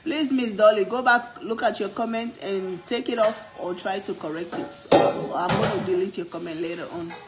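A woman's voice: mid-range voice, fairly even intonation, moderate pace, few pauses, reverberant, very noisy. A woman hosting a cooking livestream, chatting playfully with viewers and laughing often. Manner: playful, laughs a lot, reads comments aloud. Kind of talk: casual live-stream chat.

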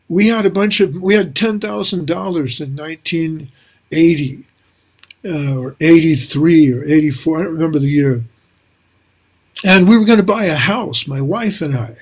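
Older guy, voice a bit high, chuckly animated storyteller on a video call from a little room full of books. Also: normal speed. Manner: animated, chuckling storyteller who acts out dialogue. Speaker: spiritual teacher and author. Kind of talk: reflective storytelling interview. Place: small room lined with books.

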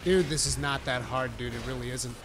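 A man giving live gameplay commentary, with brash, profane trash talk at his teammates and sudden excited shouting. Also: mid-range voice, a little fast, background noise. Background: game music.

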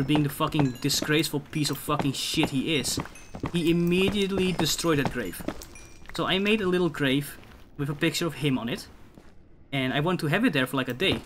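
Male streamer, slightly high voice, casual profane storytelling, faint hiss behind. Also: normal speed. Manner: profane, animated storytelling with many restarts. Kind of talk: casual storytelling while gaming.

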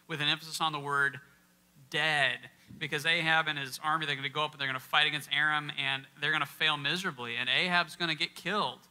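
A man's voice: on the high side, a little fast, bright, forceful tone. A man giving an interactive Bible teaching talk to a live audience in a church, quizzing listeners and stressing key words in a conversational way. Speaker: workshop speaker.

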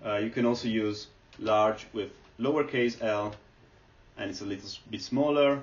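A man's voice: fairly low pitch, normal speed. A man giving a screen-recorded lecture, explaining step by step with many fillers as he types. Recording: echoey, distant, dull lo-fi.

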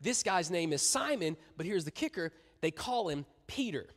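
A young-church preacher with a high voice, joking and animated as he talks to the room. His words carry long reverb through a large church hall. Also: moderate pace. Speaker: youth pastor. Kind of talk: sermon.

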